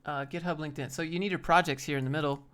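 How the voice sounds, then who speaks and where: A man's voice: on the high side, steady tone, very fast, a bit bright. A man on a live stream, casually reading chat and giving laid-back, rambling career advice. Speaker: streamer answering viewer chat.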